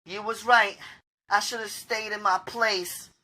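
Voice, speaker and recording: A man's voice: sits high, fairly even intonation, unhurried, pushed and bright, voice pushed up, full character voice, low-quality recording. A man reading an audiobook, voicing a needy, dope-hungry young woman who pleads and apologizes. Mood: apologetic. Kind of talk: audiobook character voice.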